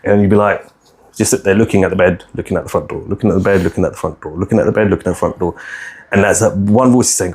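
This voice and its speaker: A man's voice: deep voice, fast, darkish tone, slightly rough. A man, telling his own story on a podcast in a frank, rambling way, swearing freely and restarting often. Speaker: podcast co-host. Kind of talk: candid personal storytelling.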